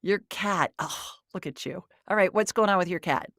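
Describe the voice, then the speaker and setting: A woman hosting a live call-in show, chatty and quick to laugh, her pitch jumping up when excited. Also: no echo, clean studio sound. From Alabama, US South. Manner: chatty, laughs easily, lively swings in pitch. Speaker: host and intuitive reader.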